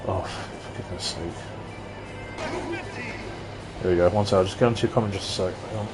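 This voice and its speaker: A man's voice: fairly low pitch, fairly even intonation, very fast, over music. Rambling man streaming a retro game. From London. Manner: rambling, chatty, ranting asides. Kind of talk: casual live-stream chat while playing.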